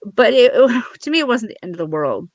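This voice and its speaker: A middle-aged woman, a podcast guest, who talks in a relaxed, easygoing way and laughs often while swapping parenting stories. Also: on the high side, moderate pace, dry recording. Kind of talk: casual chat.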